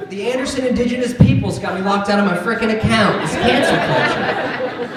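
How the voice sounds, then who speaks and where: A young man doing a stand-up comedy set on a club stage, sardonic and animated, jumping into voices. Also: sits high, fairly quick, distant mic. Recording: echoey club with crowd laughter. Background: crowd laughter.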